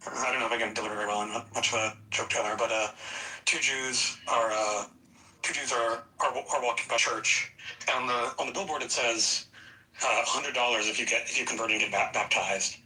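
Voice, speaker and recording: A man talking in a casual online voice chat, halting and restarting as he tells a story. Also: medium pitch, fairly even intonation, sharp tone, reverberant, recorded from a distance, a little hiss or hum, rough recording. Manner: halting, restarts often while telling a joke.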